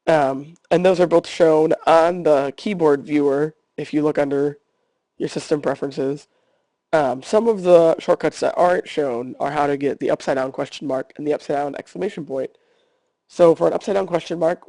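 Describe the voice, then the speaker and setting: A man who teaches Spanish, calmly talking his class through a screencast tutorial step by step. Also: a little high, no room sound. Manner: calm step-by-step instruction.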